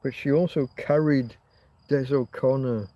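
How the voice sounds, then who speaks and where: Slow, musing Yorkshire man. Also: mid-range voice, steady tone, no echo, muffled recording. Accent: Yorkshire English. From Yorkshire, England. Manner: musing, meandering, drifts between thoughts. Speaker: livestream host. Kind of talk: rambling casual livestream chat.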